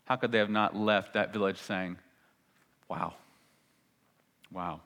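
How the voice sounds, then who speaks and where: A man preaching a sermon as a pastor, emphatic, swinging between loud and hushed and repeating phrases for stress. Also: on the low side, fairly even intonation, brisk, clear, resonant tone. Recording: long reverb of a large hall.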